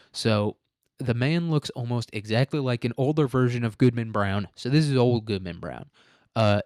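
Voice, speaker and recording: A man's voice: medium pitch, moderate pace, a little mellow, no echo. Young man, host, crude jokes, says dude, laughs a lot, casual recap, dry close recording. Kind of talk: casual comedic literature recap.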